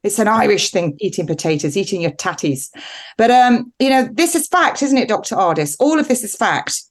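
A woman's voice: on the high side, expressive, normal speed. A woman nurse prescriber talking as an interview guest, emphatic and rambling, with a defiant edge. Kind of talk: animated interview talk.

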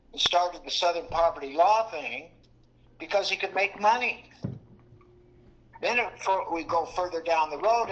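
A man appearing as a guest on a talk show, speaking casually and haltingly. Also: a little high, a bit bright, highs cut off, slight background noise. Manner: halting, with fillers and restarts.

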